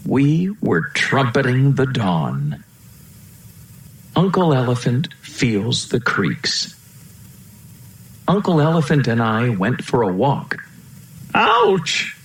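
A man reading a children's storybook aloud, slow and lilting. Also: medium pitch, sing-song. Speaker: storybook reader. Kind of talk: storybook read-aloud narration. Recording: roomy echo.

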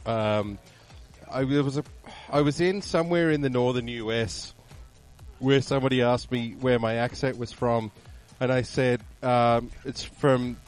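A man's voice: medium pitch, unhurried, soft background music. An Australian man in casual chat, making wry, dry jokes and often restarting his sentences.

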